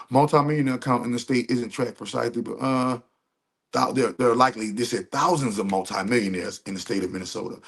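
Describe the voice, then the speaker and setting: A man with a gravelly, fry-edged voice talks over a video he's reacting to, reading search results aloud in animated, profane stream commentary. His pitch is medium and his pace quick.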